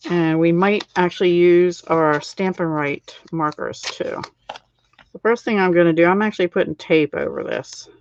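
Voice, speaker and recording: This is a middle-aged woman hosting a live card-making stream, casually chatting and laughing at her own slips, talkative and quick to make fun of herself. Her voice leans low and darkish at a normal speed. There's a little hiss or hum on the dull, lo-fi recording.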